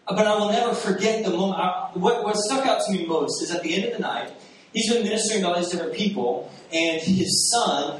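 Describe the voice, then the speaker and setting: Animated preacher in a very echoey church. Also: male voice, sits high. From Texas. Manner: animated, laughing, acts out his own past reactions. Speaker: pastor. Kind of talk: sermon storytelling. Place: church sanctuary. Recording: very echoey room, distant mic, faint hiss.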